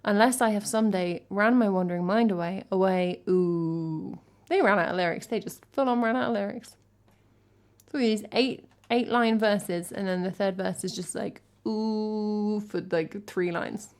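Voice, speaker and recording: A woman's voice: medium pitch, moderate pace, darkish tone. An English woman from England, a music streamer chatting casually between songs, reading chat and thanking viewers in a chatty, self-deprecating way.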